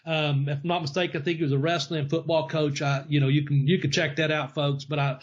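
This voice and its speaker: A man's voice: on the high side, flat delivery, quick pace. A man hosting a wrestling podcast, telling rambling stories with a laugh in his voice. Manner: rambling storyteller, laughs often. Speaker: podcast host, former wrestler. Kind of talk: casual podcast chat. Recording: dull lo-fi podcast audio.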